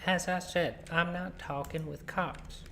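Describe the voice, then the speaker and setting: A man's voice: high-pitched, steady tone, measured pace, vocal fry, background noise, voice pushed up. A man voicing a surly rural man who is hostile to police, using a put-on country accent and a curt, drawling manner. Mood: dismissive.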